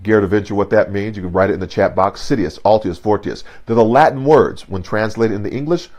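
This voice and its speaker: A man's voice: fairly low pitch, a little fast, a little mellow. Rhythmic, dynamic motivational speaker man. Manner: dynamic, rhythmic, repeats for emphasis. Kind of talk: online keynote talk with storytelling. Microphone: video call.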